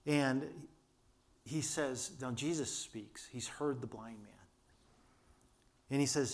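An older man preaching a sermon, telling a story earnestly with restarts and quiet asides, his voice held back by vocal cord damage. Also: mid-range voice, measured pace, long pauses. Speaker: pastor.

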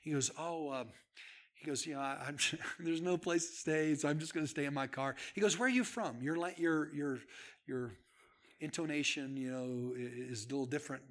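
A man preaching a sermon as a pastor, telling stories, dropping to a hush and then building to shouts. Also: a little high, normal speed. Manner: storytelling, swings from hushed to shouting.

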